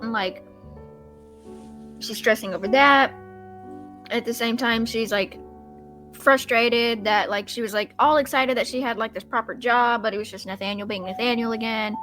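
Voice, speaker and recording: A woman's voice: a little high, normal speed, fairly bright tone, faint music behind. A woman playing in a tabletop game, chatty and full of "like" while describing her character's feelings. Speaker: player. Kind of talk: casual tabletop play.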